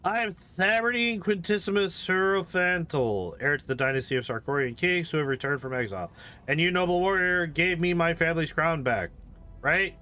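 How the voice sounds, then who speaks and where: A man's voice: on the high side, a little fast, bright, forceful tone, clear, resonant tone, faint music behind. A man voicing a befuddled drunken vagabond who calls himself king, rambling with grandiose bluster. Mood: bombastic.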